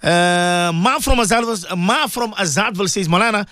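A man's voice: high voice, moderate pace, dry recording, studio quality. A middle-aged man, a Muslim cleric hosting a radio talk show, telling a story to his listeners in an emphatic, preaching way. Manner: animated, emphatic preaching, addresses listeners directly.

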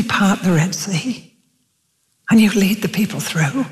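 A woman's voice: mid-range voice, unhurried, long pauses. An older woman preaching a sermon, telling stories animatedly and acting out quotes. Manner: animated storytelling with acted quotes. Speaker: Christian speaker. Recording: long hall reverb with faint music.

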